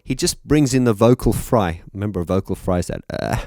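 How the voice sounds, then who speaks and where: A man's voice: fairly low pitch, animated, a little fast, dry recording. A man analysing a song as a music teacher, talking thoughtfully and with enthusiasm. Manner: thoughtful, warm enthusiasm, sings short demonstration phrases.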